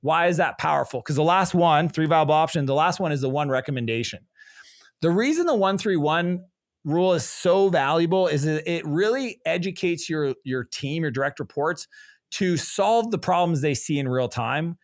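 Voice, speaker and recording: Brisk, animated businessman in a dry room. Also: a little high, no echo. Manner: energetic storyteller, animated quoting of others. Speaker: business coach guest. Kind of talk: conversational interview.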